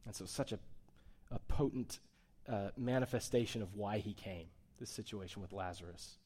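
A man, a pastor, giving a sermon in a relaxed, conversational way, dropping to a hush and then rising to emphatic points. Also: lowish voice, normal speed, slightly rough. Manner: conversational preaching, swings between soft and emphatic.

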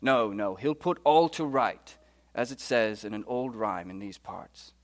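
A man reading aloud and voicing a kindly male talking beaver in a put-on British accent, speaking softly. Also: on the low side, a little slow, pitched below the performer's own voice, close to an everyday voice. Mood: hushed earnest. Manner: hushed, storybook reading aloud.

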